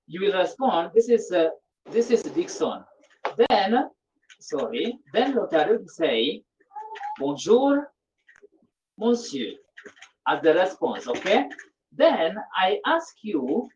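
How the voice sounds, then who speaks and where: Slow, repetitive woman teacher. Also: mid-range voice, a little mellow, a little hiss or hum. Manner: slow, repetitive, checks understanding often. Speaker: French teacher. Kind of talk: classroom language lesson. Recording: dull lo-fi recording.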